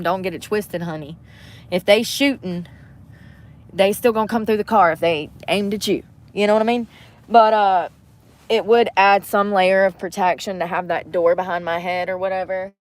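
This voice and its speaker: Chatty woman vlogging. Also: mid-range voice. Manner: chatty, drops to soft mutters and whispers. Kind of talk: casual vlog talk to camera. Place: inside a vehicle bed at night.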